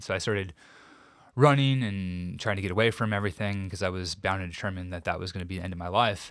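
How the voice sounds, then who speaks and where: A man as an interview guest, recounting a painful personal story in a reflective, halting way with many restarts. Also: sits low, a bit bright, no room sound, studio quality.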